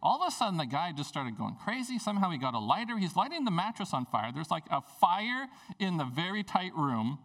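A man's voice: high-pitched, very animated, a little fast, few pauses, fairly bright tone, distant mic. A man, a pastor, preaching a sermon at a church service in a conversational, storytelling way.

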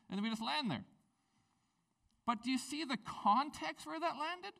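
A man preaching a sermon as a pastor, in a conversational, animated way with playful asides. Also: very high voice, moderate pace, creaky, long pauses, far from the mic.

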